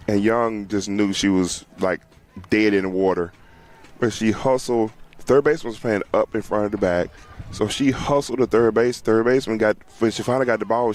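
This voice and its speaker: A man giving casual, chatty play-by-play of a youth softball game outdoors, often laughing and talking to viewers and players. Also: on the low side. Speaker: sideline livestream commentator.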